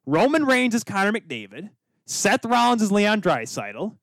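A man's voice: high voice, very animated, unhurried, fairly bright tone, no room sound, studio quality. A young man co-hosting a sports podcast, joking around in casual chat. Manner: goofy, joking, wrestling references. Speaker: podcast co-host.

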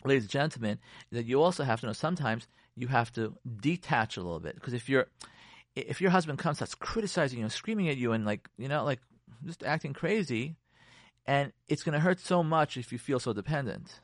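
A man, a therapist, giving marriage advice on a radio talk show in an animated, repetitive way, with Hebrew terms mixed into his talk. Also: mid-range voice, fairly quick, dry recording, studio quality.

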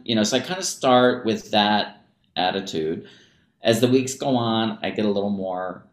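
A man's voice: lowish voice, lively intonation, moderate pace, reverberant. A man, a music teacher, talking casually in an interview and scattering "like" and "you know" through his speech. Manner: casual and chatty, many "like" and "you know" fillers. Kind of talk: relaxed interview talk.

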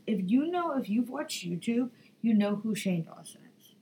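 A woman's voice: fairly high pitch, animated, brisk, dark tone, rough recording. A young woman hosting a podcast in casual chat, blunt and rambling, swearing freely. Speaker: podcast host.

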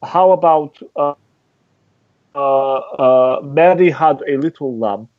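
A man's voice: medium pitch, takes it slowly, narrow, tinny audio, close to an everyday voice. A man playing a bossy, impatient male talent-show judge with a put-on Russian accent. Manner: brusque, impatient. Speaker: podcast co-host. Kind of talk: improvised comedy sketch.

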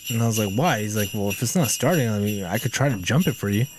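A man's voice: fairly low pitch, fast talker. Profane storytelling man, noisy recording. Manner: animated, swears constantly, acts out quoted people. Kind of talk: casual chat, profane storytelling. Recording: noisy background hiss.

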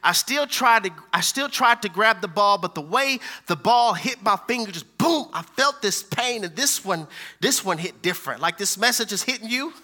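A man preaching a sermon in a high, piercing voice, pressing each point through repetition. He swings from forceful declarations down to hushed, intimate lines and calls out to his audience for a response. His tone is sharp and urgent. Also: lively intonation, moderate pace.

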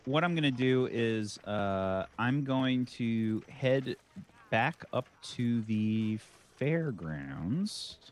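Halting male tabletop player, slow and hesitant, lively pitch. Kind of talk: casual tabletop game chat.

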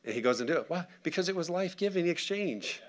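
A pastor in his thirties preaching a sermon, animated and conversational, acting out quotes and asking the congregation for responses. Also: a little high, quick pace.

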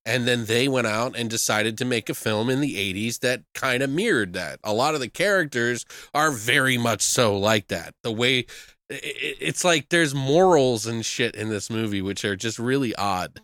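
A man's voice: medium pitch, normal speed, fairly bright tone, no echo. A man in casual chat as a podcast host, rambling with lots of fillers and swearing. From United States. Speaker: podcast host reviewing films.

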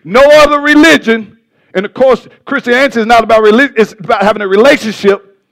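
A male pastor preaching a sermon with passion, stumbling over words and swinging between loud bursts and soft asides. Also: sits high, fast, gravelly.

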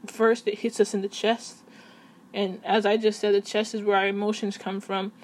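A woman talking casually to camera at her computer, chatty and rambling, often correcting herself. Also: medium pitch. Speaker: vlogger.

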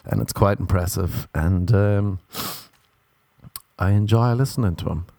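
Young Irish man, sweary self-mocking comic rant, low voice, dry close sound. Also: measured pace, mellow, dry recording. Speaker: comedic monologuist. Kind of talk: casual comedic rant.

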